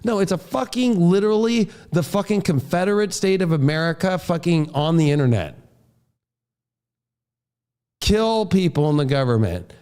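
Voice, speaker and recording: High-voiced man in a profane rant. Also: sing-song, moderate pace, darkish tone, clear, resonant tone. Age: adult, a father. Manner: heated, profane ranting. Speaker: astrologer. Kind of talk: astrology forecast monologue.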